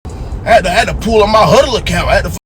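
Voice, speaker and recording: A man's voice: sits high, fast talker. A man in his twenties telling a story in a casual, profane way, acting out the voices of the people he quotes. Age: 20s. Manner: animated, acts out quoted voices. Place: in a car. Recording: noisy car with traffic outside. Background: vehicle and street noise.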